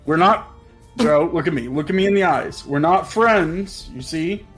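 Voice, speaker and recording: Guy doing a flustered innkeeper, blunt, talks kinda high. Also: normal speed, soft background music, natural voice.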